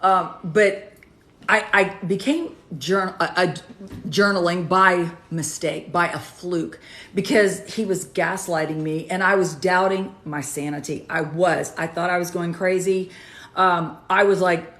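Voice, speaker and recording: A woman with a lowish voice co-hosts a casual livestream chat. She talks earnestly and with emphasis, often picking up speed. The sound is roomy and echoey. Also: a little slow. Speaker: co-host.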